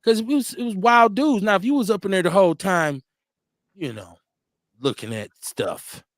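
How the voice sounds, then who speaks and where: Reading comments from viewers and responding bluntly, this live-stream host laughs a lot and tends to say things twice. He has a high, animated voice at normal speed, recorded in a clean studio without echo.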